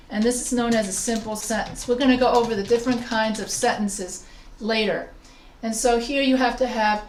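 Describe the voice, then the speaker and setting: A woman's voice: fairly high pitch, echoey room, far from the mic. A woman writing instructor teaching a grammar lesson, walking through example sentences with fillers and self-corrections.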